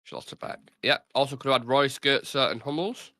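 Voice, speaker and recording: A man hosting a casual football quiz, quick and bantering as he reads out the answers. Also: mid-range voice, bright, forceful tone, no echo. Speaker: podcast host running a football quiz. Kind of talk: casual chat.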